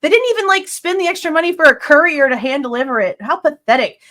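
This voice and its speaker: A woman's voice: high-pitched, animated, fast, a bit bright. A young woman hosting a true crime channel, giving outspoken reaction commentary full of blunt rhetorical questions.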